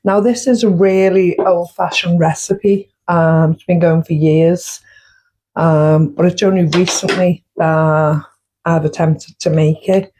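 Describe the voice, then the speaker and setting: A woman's voice: fairly low pitch, fairly even intonation, takes it slowly, mellow, poor audio. A woman with a chatty manner, hosting a casual home baking vlog and walking through her costs step by step. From United Kingdom. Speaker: baking vlogger.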